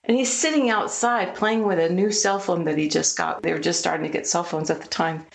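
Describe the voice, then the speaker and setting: A woman's voice: fairly low pitch, steady tone, fairly quick, creaky. A woman, a missionary guest, earnestly retelling a personal story with vivid quoted dialogue.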